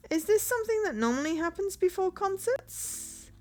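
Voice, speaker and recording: A woman's voice: extremely high pitch, big pitch swings, moderate pace, a little mellow, voice pushed up. A woman voicing a young female band manager who sounds incredulous and firm.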